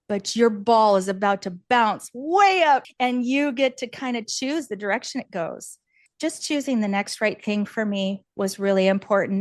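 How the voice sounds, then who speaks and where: A woman as a podcast guest, telling a candid personal story in an animated, earnest way, laughing often and acting out what others said. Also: mid-range voice, no echo. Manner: animated, laughs often, acts out quoted voices; earnest and encouraging.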